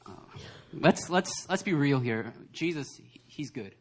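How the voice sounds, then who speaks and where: Animated young man preaching a sermon. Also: a little high, a little slow. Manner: animated storytelling, acts out voices, laughs often. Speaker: pastor. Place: church service hall.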